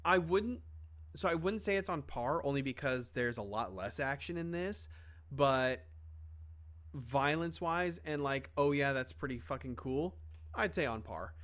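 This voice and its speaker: A man's voice: on the high side, expressive, unhurried, fairly bright tone. A young man co-hosting a podcast, talking casually with lots of fillers, restarts and offhand swearing. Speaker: podcast co-host. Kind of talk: casual chat.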